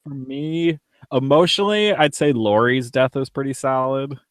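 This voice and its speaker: A man's voice: mid-range voice, moderate pace, dry recording, clean studio sound. A young man co-hosting a casual live podcast, reading listener emails aloud, laughing often and swearing casually.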